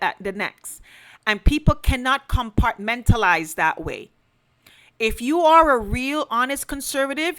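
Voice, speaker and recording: A woman's voice: fairly high pitch, a bit bright. Earnest woman podcast host, emphatic. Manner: earnest, building to emphatic pleas. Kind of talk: direct-to-camera commentary.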